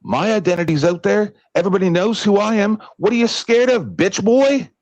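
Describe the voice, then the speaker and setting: A man's voice: sits high, a little fast, no room sound, poor audio. An older retired man ranting angrily at a stream panel, swearing and hurling insults. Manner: shouting insults, swearing constantly. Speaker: debate panelist. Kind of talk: angry profane rant.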